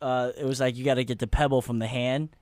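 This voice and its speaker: A man's voice: medium pitch, steady tone, fast talker, a little mellow, no room sound, studio quality. A male comedian from Pennsylvania, a radio guest, indignantly retelling an argument on a set. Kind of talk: storytelling on radio. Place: radio studio.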